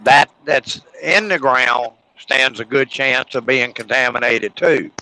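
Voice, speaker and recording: A man's voice: mid-range voice, measured pace, pushed and bright, rough recording. A man chatting on a livestream, explaining things plainly. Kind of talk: casual livestream chat.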